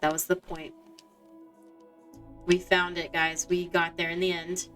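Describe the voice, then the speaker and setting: A woman's voice: fairly low pitch, level tone, a little slow, fairly bright tone. Young woman, casual gaming chatter, wanders off topic constantly, filler-heavy delivery, faint game music underneath. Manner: rambling, loses her train of thought, many fillers. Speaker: streamer. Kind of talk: casual chat while gaming.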